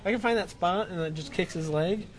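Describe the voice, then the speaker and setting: A man's voice: sits high, fairly quick. A man co-hosting a podcast in casual chat, playful and teasing, laughing often. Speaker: podcast co-host.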